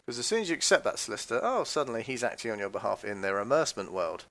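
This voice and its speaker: A man's voice: very animated, rapid-fire, a bit bright, slight background noise. A man giving casual, mocking commentary on a police recording, swearing freely and now and then mimicking voices. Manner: mocking, mimics voices with sudden high outbursts.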